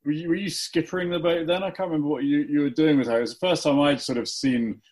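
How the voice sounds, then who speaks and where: A man hosting an interview, asking casual questions with halting restarts. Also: fairly high pitch, steady tone, a little mellow.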